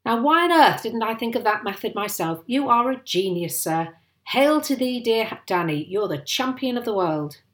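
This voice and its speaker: A woman reading aloud and voicing a tiny, excitable old male country doctor who gushes and exclaims. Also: medium pitch, measured pace, recorded from a distance. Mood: overjoyed. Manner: exclamatory, gushing, hooting. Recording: roomy echo.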